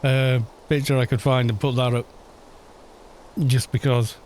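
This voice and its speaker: A man's voice: medium pitch, flat delivery, unhurried, a little mellow, a little hiss or hum. A man hosting a gaming channel, chatting wryly and rambling through asides while he plays an online game. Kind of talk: casual commentary while playing an online game.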